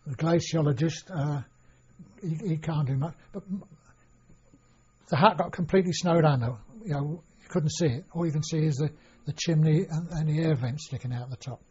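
A man's voice: fairly high pitch, normal speed, darkish tone, slightly rough. An older man recalling his past in an oral history interview, rambling with many restarts and fillers. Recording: dull lo-fi recording.

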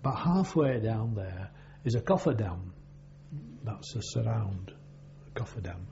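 An older man reminisces in an oral history interview, his voice gravelly and dark. He wanders through his memories with many pauses and fillers. The recording is muffled, with a low hum underneath. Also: expressive. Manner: rambling, halting, with many fillers. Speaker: interviewee, former navy sailor. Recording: dull lo-fi recording with faint hum.

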